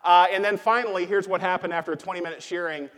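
Guy preaching in a church, kinda high voice, lots of uh and like, echoey hall. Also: steady tone, fast, a bit bright. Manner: conversational, with frequent fillers and repeated key lines. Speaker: pastor. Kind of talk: sermon. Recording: long hall reverb.

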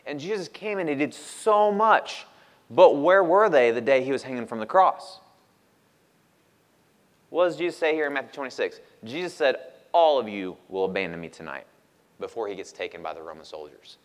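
A man with a mid-range voice preaches a sermon, raising it on questions and dropping to a near hush on key lines. He acts out the people in his stories as he goes. The sound carries a long reverb, as in a church sanctuary. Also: medium pitch, moderate pace. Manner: animated preaching that swings from loud to hushed. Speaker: pastor.

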